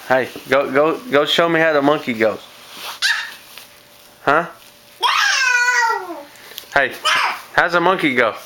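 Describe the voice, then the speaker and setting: A man filming his small children at home, coaxing them to dance and make animal sounds, laughing often. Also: medium pitch. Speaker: father filming his toddlers. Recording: noisy home video recording.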